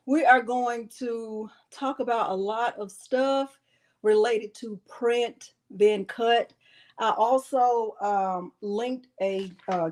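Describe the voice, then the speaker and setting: A woman with a slightly high voice hosts a live crafting tutorial from her home. She chats casually and greets her viewers by name. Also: a little mellow.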